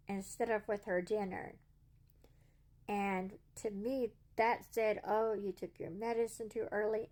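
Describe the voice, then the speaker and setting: A woman's voice: mid-range voice, a little mellow. A woman, earnestly telling a story to camera in a casual vlog and quoting what people said. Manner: earnest, retells dialogue in quotes. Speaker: vlogger.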